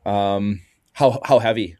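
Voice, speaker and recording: Man, Canadian accent, podcast host, low voice, slangy and laid-back, dry recording. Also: takes it slowly, darkish tone, no room sound. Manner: laid-back, slangy, calls people dude and bud. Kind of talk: casual podcast chat.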